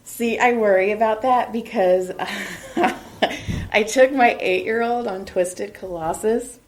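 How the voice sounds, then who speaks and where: A woman's voice: medium pitch, slow pace. Laughing middle-aged woman host. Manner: laughing often, animated storyteller. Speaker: podcast host giving a massage. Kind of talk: casual chat. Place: basement.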